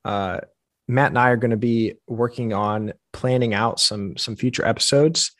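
A man's voice: mid-range voice, normal speed, fairly bright tone, no room sound, studio quality. A man co-hosting a casual faith podcast, talking through ideas in an earnest, reflective way. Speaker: podcast co-host.

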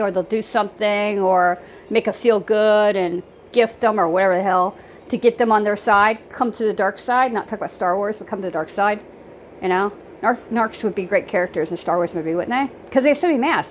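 A woman's voice: medium pitch, a little hiss or hum, poor audio. A woman giving blunt life advice in a rambling casual monologue, repeating herself and using lots of fillers.

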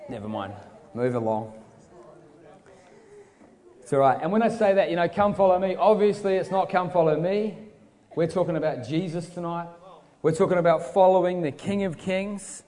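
A man's voice: fairly high pitch, lively intonation, normal speed, long pauses, mellow. A young man from New Zealand with a New Zealand accent, preaching a sermon with casual storytelling and joking asides. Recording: long hall reverb.

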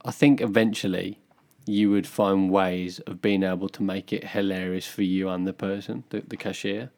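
Deep-voiced man, wry. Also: steady tone, moderate pace, darkish tone. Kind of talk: casual chat.

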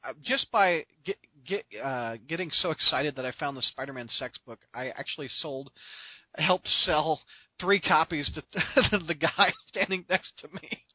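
A man hosting a podcast, telling stories in an excitable, rambling way full of restarts and laughs. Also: fairly high pitch, unhurried, breathy edge, no room sound, muffled recording. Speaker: podcast host. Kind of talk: casual storytelling chat.

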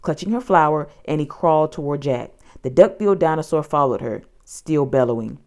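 Low, expressive woman reading a storybook. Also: fairly quick. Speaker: narrator.

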